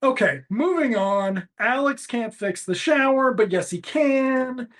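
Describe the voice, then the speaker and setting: A man's voice: extremely high pitch, expressive, unhurried, fairly bright tone. Sarcastic man recapping a show. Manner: profane, sarcastic, joking. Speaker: podcast co-host. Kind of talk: casual episode recap.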